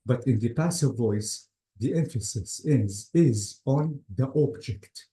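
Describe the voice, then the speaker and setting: A man's voice: mid-range voice, animated, slow pace, dark tone. A man teaching an English grammar lecture to a class, often repeating words and calling students "guys". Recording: roomy classroom echo.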